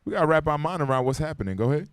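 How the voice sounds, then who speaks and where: A man's voice: a little high, lively intonation, very fast, clean tone, no room sound, studio quality. A man teaching an informal Bible class in a room full of people. He talks to them casually and with urgency, and he keeps asking for their responses. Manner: conversational and urgent, calling for responses. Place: classroom gathering. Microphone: microphone.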